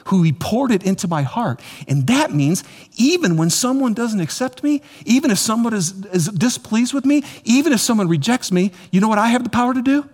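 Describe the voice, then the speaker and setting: A man preaching a sermon as pastor, animated and repetitive, speaking straight to his congregation. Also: very high voice. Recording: long hall reverb.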